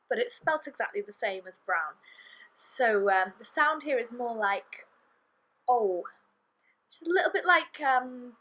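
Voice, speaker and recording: Female language teacher, unhurried and deliberate, demonstrates sounds and repeats them; indoor city room. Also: mid-range voice, fairly bright tone, low-quality recording. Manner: slow, careful, repeats each sound for the learner. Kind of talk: online pronunciation lesson. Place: indoor room in a city, street traffic outside.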